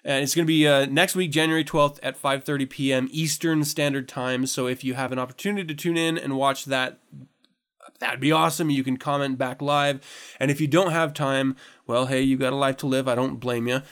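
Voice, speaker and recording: A man's voice: medium pitch, fairly even intonation, fairly quick, a bit bright, smooth. A man hosting a podcast in a casual chat, laughing often, swearing freely and rambling through restarts. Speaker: podcast host.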